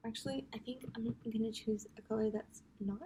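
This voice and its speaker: A woman's voice: fairly high pitch, fairly even intonation, a little fast, noisy background. A young woman chatting casually through a makeup tutorial at home, giggling often and slipping into whispers. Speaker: makeup vlogger.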